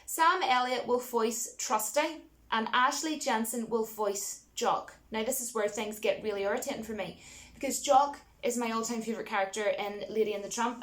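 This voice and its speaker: A woman vlogging her opinions on film remakes in a casual, exasperated rant, with frequent asides to her viewers. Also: on the high side. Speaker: vlogger reviewing films.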